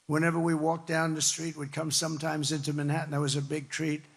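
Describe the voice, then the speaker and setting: Gravelly man orating in a huge echoing hall. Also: fairly high pitch, completely flat delivery, a little fast. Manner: repetitive, emphatic, rambling and conversational. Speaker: political speaker. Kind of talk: campaign rally speech. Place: large hall before a crowd. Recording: long reverb of a big hall.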